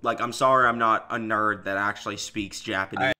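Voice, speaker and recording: A man chatting on a stream, brushing off criticism in a loose, dismissive manner. His voice is bright and sharp-edged. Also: fairly low pitch, steady tone, fairly quick. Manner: casual, dismissive. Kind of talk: casual stream talk.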